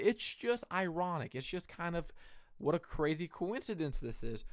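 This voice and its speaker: A young man talks through a fight in a loose, excited ramble full of fillers and the odd curse. His voice sits at an ordinary middle pitch. It is recorded dry and close, with no room sound. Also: no echo. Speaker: MMA reaction host. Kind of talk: casual fight breakdown commentary.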